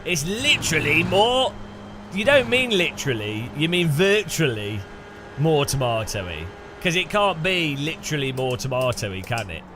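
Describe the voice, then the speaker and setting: Background noise and music sit under this fairly high-pitched, very animated British man, who speaks at a measured pace. Streaming a racing game, he chats casually and teases his viewers with jokes.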